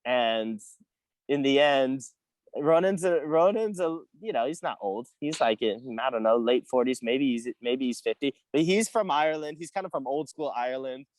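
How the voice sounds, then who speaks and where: A young man, an amateur boxer, telling a story as an interview guest in a casual, animated way, swearing and acting out the voices of the people he quotes. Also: medium pitch, normal speed, no room sound.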